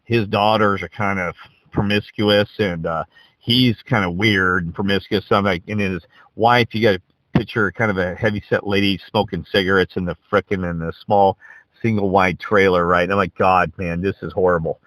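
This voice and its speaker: A man's voice: low-pitched, steady tone, normal speed, a bit bright, no echo, low-quality recording. A man telling a rambling, profane anecdote in a casual way, often checking in with "right?". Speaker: storyteller.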